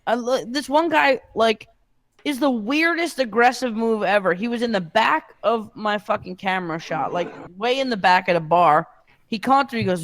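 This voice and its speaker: A young man telling stories in casual chat, animated and full of swearing. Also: high-pitched, moderate pace. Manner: animated storytelling, heavy swearing.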